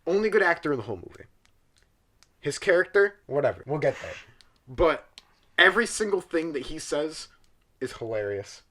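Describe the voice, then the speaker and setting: A man's voice: fairly high pitch, normal speed, long pauses. A young man on a podcast, animatedly and profanely ranting through a comedic film review. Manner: animated, exaggerated, profane storytelling. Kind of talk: casual comedic rant.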